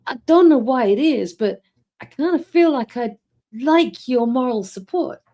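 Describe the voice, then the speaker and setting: Woman voicing young male painter, anxious, pleading, animated pitch, read-aloud novel. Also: measured pace. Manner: worried and pleading.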